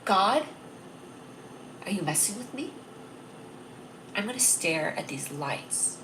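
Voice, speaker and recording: A woman's voice: medium pitch, big pitch swings, takes it slowly, background noise. A young woman hosting a casual livestream, bubbly and rambling, laughing at her own jokes. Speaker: livestream host.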